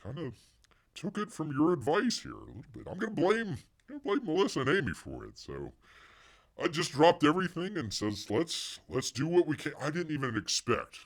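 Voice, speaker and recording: A man hosts a casual livestream at a moderate pace, his fairly high voice swooping wildly in pitch. He rambles about himself in the third person, and his voice is wearing out as he gradually loses it.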